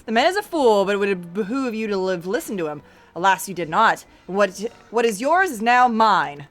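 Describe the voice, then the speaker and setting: A woman reading the lines of a smug, mocking gentleman thief from a game in a haughty tone. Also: medium pitch, big pitch swings, normal speed, faint music behind, natural voice.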